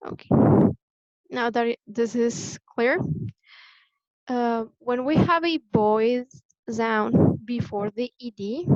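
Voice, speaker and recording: Slow, deliberate woman teaching pronunciation. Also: on the high side, darkish tone, no echo. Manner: patient and deliberate, repeating key points. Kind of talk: classroom lesson explanation. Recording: dull lo-fi sound, dry.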